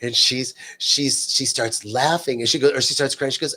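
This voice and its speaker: A man's voice: medium pitch, steady tone, moderate pace, sharp tone. A man hosting a live-streamed spiritual talk, speaking earnestly and unscripted, repeating words for emphasis and reading out viewer comments. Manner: loose and unscripted, frequent fillers and restarts.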